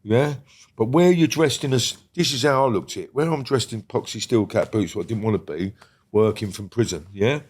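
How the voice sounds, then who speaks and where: A man's voice: fairly low pitch, a little fast, a little mellow. A middle-aged man, a former prisoner telling his life story in an interview, blunt and sweary, checking in with "mate" and "yeah?". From England.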